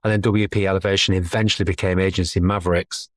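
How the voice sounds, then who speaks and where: A middle-aged man chats as a podcast guest in a low, easygoing voice. He is self-deprecating and breaks into laughter between his thoughts. The sound is dry and close to the microphone. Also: little pitch movement, quick pace, no echo. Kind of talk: casual conversational interview.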